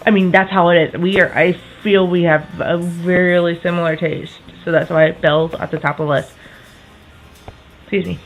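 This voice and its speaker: A woman in her twenties chatting casually to camera as a vlogger, enthusiastic, with quick self-correcting asides. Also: lowish voice, steady tone, faint music behind, low-quality recording.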